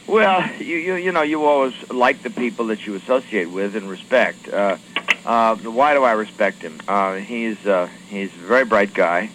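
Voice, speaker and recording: A man, a congressman, answering questions from radio reporters in a halting way, with many fillers and restarts. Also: lowish voice, noisy background. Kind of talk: radio call-in interview.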